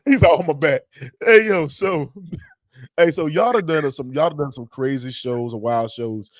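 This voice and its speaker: A man hosting a casual podcast chat over a remote call, telling stories in an animated, profane way and laughing loudly. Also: on the high side, unhurried, no room sound. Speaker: podcast host. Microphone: remote streaming call.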